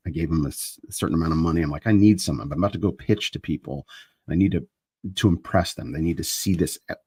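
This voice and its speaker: A man's voice: low voice, a little mellow, husky, dry recording. A man hosting a live chat stream, talking in a meandering casual monologue that often breaks off and restarts, holding a microphone he moves around. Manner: meandering, self-interrupting, restarts sentences. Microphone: handheld microphone he moves around.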